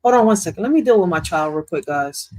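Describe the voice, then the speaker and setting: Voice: mid-range voice, expressive, fast, darkish tone, poor audio. A host rambles in casual reaction commentary, using slang and restarting sentences often.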